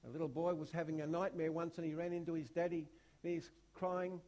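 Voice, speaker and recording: A man with a slightly high voice preaches a sermon briskly, with little pitch movement. He hammers his points home with repeated rhetorical questions and big swings from hushed to loud.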